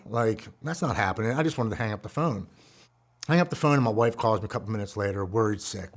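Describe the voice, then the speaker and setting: A man in his forties with a low-set voice tells a personal story of struggle and recovery. He speaks earnestly and with feeling, often sinking into a soft, hushed tone when the memories turn heavy. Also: fast, husky. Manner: earnest, emotional, drops to a hushed voice at heavy moments. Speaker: guest speaker.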